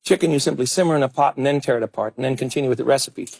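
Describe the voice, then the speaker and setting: A man's voice: mid-range voice, very fast, vocal fry, a little mellow. A middle-aged man hosting a cooking show in a studio kitchen, chatting enthusiastically as he demonstrates dishes to the camera. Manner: chatty and enthusiastic, exclaiming over the food. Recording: 1980s television broadcast.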